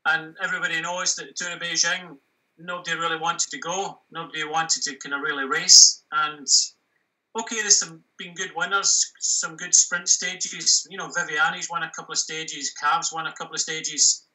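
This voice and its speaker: A middle-aged man with a West of Scotland accent, chatting casually and a little haltingly as a guest pundit. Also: fairly high pitch, far from the mic, low-quality recording. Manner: relaxed, chatty, hesitant with fillers. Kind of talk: casual interview chat.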